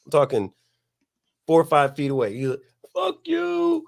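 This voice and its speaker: A middle-aged man, hosting a podcast and telling a long, profane story in a relaxed way, laughing as he goes. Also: medium pitch, fairly quick. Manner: laid-back, profane, laughs at his own story. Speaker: podcast host. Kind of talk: casual storytelling.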